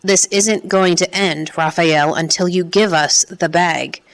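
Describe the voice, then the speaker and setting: A woman voicing a tired, sweaty male police interrogator who questions slowly and coaxingly. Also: fairly low pitch, steady tone. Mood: menacing. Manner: slow, weary, coaxing questions.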